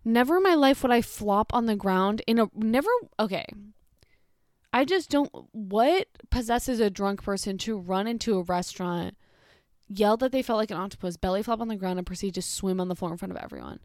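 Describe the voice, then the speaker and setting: A woman's voice: mid-range voice, brisk, darkish tone, no room sound, clean studio sound. A young woman chatting casually as she reads out embarrassing stories, blunt and incredulous, swearing freely. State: pregnant. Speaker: storytime creator. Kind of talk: casual chat reading stories aloud.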